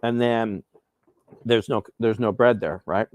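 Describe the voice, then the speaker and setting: A man casually chatting while hosting a live breakfast cooking stream, rambling and relaxed with plenty of fillers. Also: lowish voice, a little slow, no room sound, lo-fi sound. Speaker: host.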